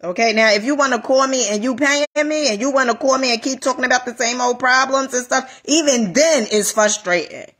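A woman life coach giving a casual motivational talk, animated, repeating phrases and calling listeners honey. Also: high-pitched, a little fast, few pauses, husky.

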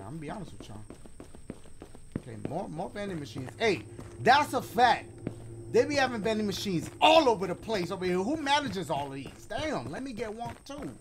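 A man's voice: sits high, noisy background. A man doing let's play commentary on a game, slangy and joking, talking to the viewers. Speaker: gaming YouTuber.

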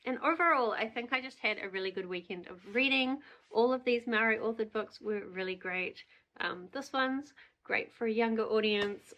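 A woman's voice: a little high, fairly bright tone, poor audio. A woman talking casually to camera about books she has read, chatty and self-deprecating, with frequent fillers. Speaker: book vlogger. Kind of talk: casual reading vlog.

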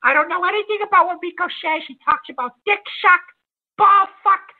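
A man doing a very high, flustered talk host. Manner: flustered, stammering, quick to rage. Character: high-voiced, hot-tempered male call-in show host. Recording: lo-fi phone-like sound.

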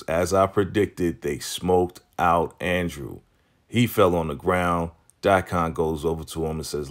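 Deep-voiced man recapping a TV episode. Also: a little slow. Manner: animated storytelling, acts out quotes. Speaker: TV recap vlogger.

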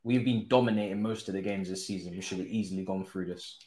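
A young man, commentating his own football game live, groaning, swearing and now and then cheering loudly. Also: low voice, fairly even intonation, fast talker, reverberant. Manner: exasperated, groaning and swearing, swinging to loud cheers. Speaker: gaming streamer.

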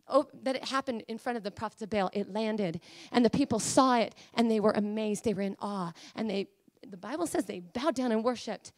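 A woman preacher with a high voice delivers an emotional sermon, moving from quiet, intimate talk to fiery declarations. The sound is dry and close, with no room echo. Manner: passionate, emotional, swinging from hushed to fiery. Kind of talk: Pentecostal-style sermon.

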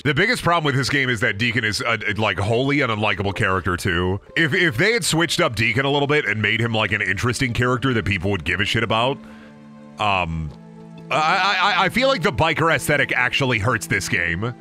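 A young man with a Midwestern accent streaming a game, rambling and cracking profane jokes as he plays. His voice is bright and forward, and his pitch swings widely from low mutters to sudden high bursts. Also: lively intonation, fairly quick, soft background music. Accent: Midwestern American. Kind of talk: casual gaming commentary.

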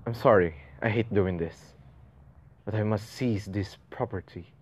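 A man's voice: a little slow, darkish tone, husky. A man reading a stiff, apologetic young bailiff. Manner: low, formal, apologetic.

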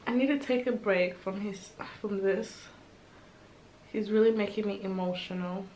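A woman's voice: mid-range voice, steady tone, moderate pace, darkish tone. A young woman vlogging her reaction to a music album, gushing and emotional, humming along at times. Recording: music playing faintly underneath.

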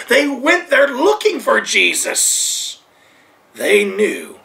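A man's voice: very high voice, wildly swooping pitch, slow, vocal fry. A man from the United States preaching a sermon, repeating his points with emphasis and dropping to near whispers. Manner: repetitive emphatic preaching, swinging from loud to hushed. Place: Thailand.

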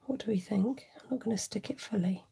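A woman's voice: medium pitch, fast, vocal fry, dark tone, breathy edge. A woman hosting a live card-making stream, chatting casually, reading out viewer comments and often murmuring asides to herself. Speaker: card-making livestream host. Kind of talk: casual live crafting chat.

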